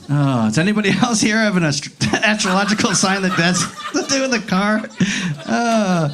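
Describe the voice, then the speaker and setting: A man doing a profane, animated stand-up set with crowd work, recorded live on a handheld mic in a comedy club. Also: sits high, background noise. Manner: profane, animated, laughing through lines.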